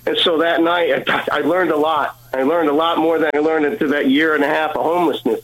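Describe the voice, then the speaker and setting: Man, guest, personal testimony, earnest, halting, slightly high voice. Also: fairly even intonation, fairly bright tone, slight background noise, rough recording. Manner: earnest, halting, repeats words.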